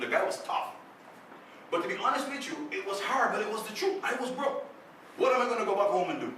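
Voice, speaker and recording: Animated male speaker in an echoey room. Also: sits high, quick pace. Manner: animated storyteller, acts out quoted voices. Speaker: guest speaker. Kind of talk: motivational storytelling talk. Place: club meeting room. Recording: echoey room, distant mic, faint noise.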